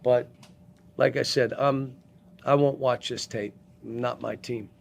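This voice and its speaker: Older coach guy at a postgame presser, gravelly voice, blunt, keeps restarting sentences. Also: medium pitch, steady tone. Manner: blunt, halting, frequent restarts. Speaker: head basketball coach. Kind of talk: post-game press conference. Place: press conference room.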